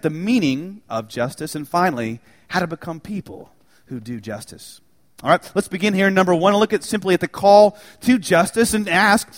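Male pastor, sermon delivery, animated and high, long church reverb. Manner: dramatic shifts between loud rhetorical questions and hushed emphasis.

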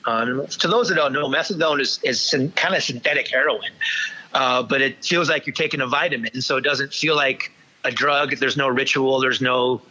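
A man recounts his own past as an interview guest, halting often and restarting his sentences. His voice is bright and forceful, pitched in the middle for a man. The sound is dull and lo-fi. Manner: halting, many restarts and fillers. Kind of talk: candid personal storytelling.

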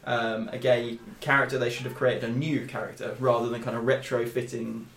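A man's voice: mid-range voice, little pitch movement, a little fast, gravelly, a bit bright. A man co-hosting a casual podcast, rambling with lots of hesitations. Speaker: podcast co-host. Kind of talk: casual chat. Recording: echoey room.

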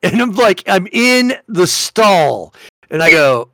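A man co-hosting a casual podcast, his voice a little higher than most men's and swinging widely in pitch. He tells stories with energy and acts out both sides of each exchange, recorded dry and close with no room sound. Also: takes it slowly, dry recording. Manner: animated storytelling, acting out both sides of conversations. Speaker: podcast co-host. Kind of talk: casual chat.

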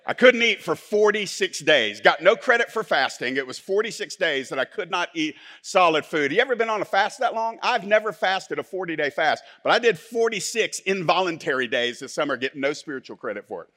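A male pastor, preaching a sermon that swings from soft, low asides to loud, forceful declarations. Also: animated, fairly quick, hardly any pauses.

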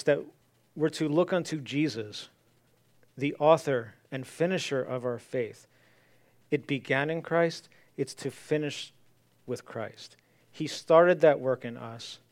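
A man's voice: fairly high pitch, slow, pauses often. A man preaching a sermon, reading scripture aloud and repeating key lines earnestly. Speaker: pastor.

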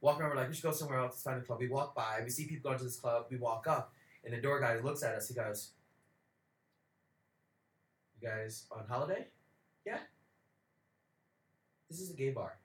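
A man's voice: medium pitch, fairly quick, pauses often. A young man co-hosting a podcast, telling a long story in casual chat, swearing freely and acting out what other people said. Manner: animated, profane, acts out quoted voices. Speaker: podcast co-host. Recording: roomy echo.

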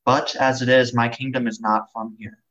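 A man reading the part of Jesus, a calm male teacher on trial, in a dramatized scripture reading, with a steady delivery. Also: mid-range voice, normal speed, lightly acted. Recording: dull lo-fi recording.

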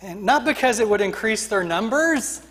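A man's voice: high voice, lively intonation, normal speed, fairly bright tone, in a large hall. A man preaching a sermon as pastor, emphatic and rhythmic, building his points through repeated refrains.

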